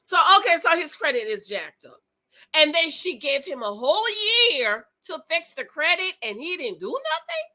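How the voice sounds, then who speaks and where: A woman's voice: sits high, big pitch swings, moderate pace, sharp tone, rough recording. A woman giving sassy, emphatic recap commentary on a reality show, talking straight to her viewers and repeating her points for effect.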